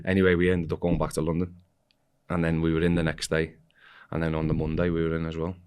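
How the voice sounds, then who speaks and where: A man's voice: rumbling low, quick pace, clear, resonant tone. A man guesting on a football podcast, telling a rambling story casually and acting out the voices of the people in it. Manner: animated, acts out quoted voices; rambling with restarts.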